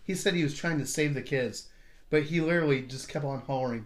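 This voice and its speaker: A man's voice: a little high, fast talker. A man hosting a casual podcast, loosely reading out odd news stories with swearing and jokes. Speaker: podcast host.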